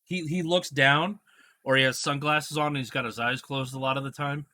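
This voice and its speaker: A man's voice: mid-range voice, moderate pace. A man co-hosting a casual podcast chat, telling stories and acting out the quotes. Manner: animated storyteller, acts out quotes. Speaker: podcast co-host.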